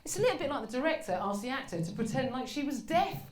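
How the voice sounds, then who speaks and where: A woman performing a stand-up comedy set in a theatre, telling a story with hushed asides and loud outbursts. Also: high voice, big pitch swings, quick pace. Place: large theatre in front of a live audience. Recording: roomy theatre with audience laughter. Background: audience laughter.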